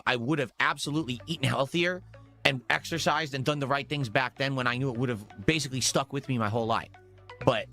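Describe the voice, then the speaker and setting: A man's voice: medium pitch, sharp tone. A man in his forties ranting defensively and emphatically in a gaming stream commentary. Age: 40s.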